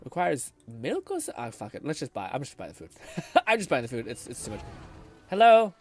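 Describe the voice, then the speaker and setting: A man's voice: medium pitch, huge pitch swings, brisk, a little mellow, faint music behind. A man streaming a video game, chatting casually, swearing often and laughing a lot. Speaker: gaming streamer. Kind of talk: casual live-stream commentary.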